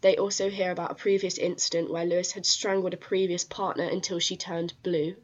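A woman's voice: on the low side, level tone, brisk. A woman co-hosting a podcast, telling a crime case in a casual, chatty way with many fillers and restarts. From England. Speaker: podcast co-host. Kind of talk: casual true-crime chat. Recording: dull lo-fi sound.

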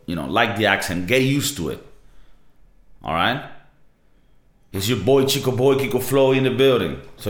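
A man's voice: medium pitch, fairly bright tone. Laid-back young man, Latin American accent. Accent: Latin American Spanish. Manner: laid-back, profane, slangy. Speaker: podcast host. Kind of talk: casual monologue. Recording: roomy echo.

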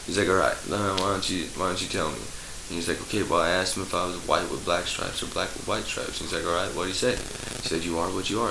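A man's voice: low voice, steady tone, fast, creaky, few pauses, roomy sound, a crowd in the background, rough recording. A man telling long, profane jokes and stories in a rambling, casual way, putting on voices for the people in them. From Idaho. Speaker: podcast guest, local musician. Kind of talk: casual storytelling.

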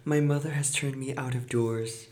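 A man voicing a poor, gentle young girl who speaks meekly and politely. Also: mid-range voice, steady tone, normal speed, voice pushed up, close to an everyday voice. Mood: meek, plaintive. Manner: meek and polite.

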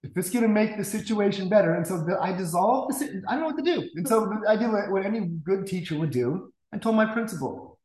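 A man telling a classroom story in a casual, animated way, acting out the voices he quotes, with stammering restarts. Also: high-pitched, fast talker, few pauses. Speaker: guest music teacher. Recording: roomy echo.

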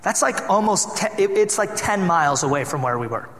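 A young male pastor from Michigan preaches in a loose, chatty storytelling way, teasing his listeners as he goes. His voice sits fairly high for a man. It rings through a large church hall with a long, roomy echo. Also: animated, fairly quick, fairly bright tone. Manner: conversational storytelling, teasing the congregation. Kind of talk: sermon. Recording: echoey hall sound.

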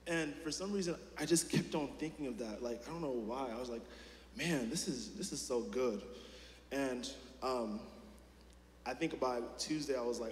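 A man's voice: medium pitch, normal speed, slight background noise. A man preaching a sermon in a casual, chatty way, full of fillers and restarts and questions put straight to the congregation. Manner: talks directly to the congregation with questions. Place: church hall. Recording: echoey hall with long reverb.

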